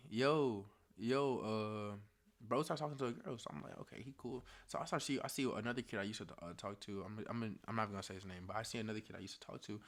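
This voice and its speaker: A young man telling a story to camera in casual slang, animated, dropping to hushed tones and then getting loud. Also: on the low side. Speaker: storytime vlogger.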